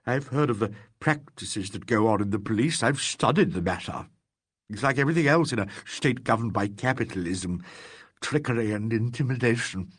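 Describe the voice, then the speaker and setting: A man reading an audiobook, voicing a frightened, furtive suspect who pleads and protests in a husky voice. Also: mid-range voice, a bit bright. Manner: pleading, tearful, indignant outbursts.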